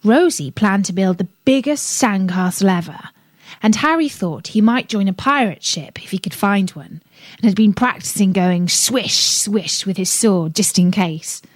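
A woman reading a children's story aloud on a radio show, gentle and expressive. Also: mid-range voice, measured pace, no room sound.

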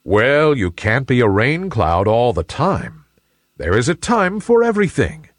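A wise, kindly sun from a children's storybook, voiced by a man reading aloud. He speaks gently and in a measured way, a touch lower than a plain voice, with lively swings in pitch. The recording is close and dry. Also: no echo. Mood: gentle. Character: wise, kindly male sun, calm and firm.

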